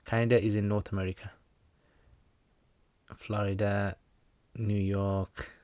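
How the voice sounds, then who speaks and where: Man, low voice, casual livestream Q&A host, joking and easygoing, dry close sound. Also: measured pace, no echo. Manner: relaxed, joking, reads out viewer comments. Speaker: Islamic teacher answering viewer questions.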